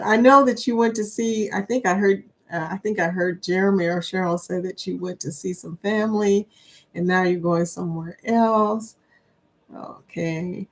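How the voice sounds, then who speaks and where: A woman hosts a live stream in a chatty, excitable way. She greets her viewers one by one and lets out whoops and laughs. Her pitch sits in the middle range for a woman. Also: moderate pace. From Kentucky, USA. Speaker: livestream host. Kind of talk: casual live-stream chat.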